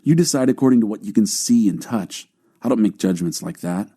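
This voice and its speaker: A man reading a calm, grave male teacher. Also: on the low side, fairly quick, breathy edge. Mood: solemn.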